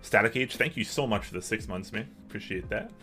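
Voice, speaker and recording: Man, livestream host, casual chat, reads out chat, deep voice, forceful tone. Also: lively intonation, brisk, faint music behind. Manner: chatty, reads and answers chat messages. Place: home office.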